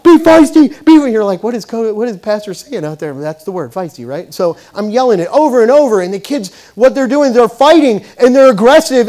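A man preaching a sermon, telling a story and swinging between loud bursts and quiet asides. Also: fairly high pitch. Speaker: pastor.

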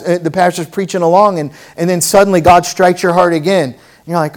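A man with a high voice preaching a sermon. He swells loud and urgent on key phrases, then drops to a quiet, personal storytelling tone. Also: steady tone, brisk. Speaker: pastor.

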